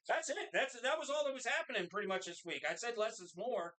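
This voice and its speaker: A man's voice: extremely high pitch, expressive, quick pace, sharp tone. A man co-hosting a casual live show from a bar, rambling and quoting movie lines in put-on voices. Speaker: co-host. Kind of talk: casual bar podcast banter.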